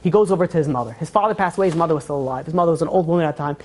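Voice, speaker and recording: A woman telling a moral story in a lecture, animated and acting out the characters' lines. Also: sits low, very fast. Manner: animated, acts out quoted dialogue. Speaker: teacher of Torah.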